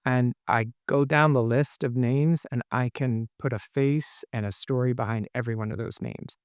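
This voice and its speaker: A man who works as a palliative care nurse, answering interview questions in a gentle, thoughtful way with some hesitation. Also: mid-range voice, fairly even intonation, moderate pace, smooth, no echo, clean studio sound.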